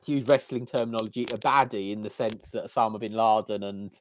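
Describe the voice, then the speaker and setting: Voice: medium pitch, steady tone, quick pace, a little hiss or hum. A co-host in casual podcast chat, wry and playful with a joking tone. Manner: wry, playful, laughs often.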